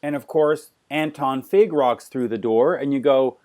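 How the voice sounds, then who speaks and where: A man's voice: medium pitch, a little slow, darkish tone. A man hosts an interview in an ordinary mid-range voice. He asks eager, conversational questions. He often restarts his sentences with a small stammer. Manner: enthusiastic fan questions, repeated stammered starts. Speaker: interview host.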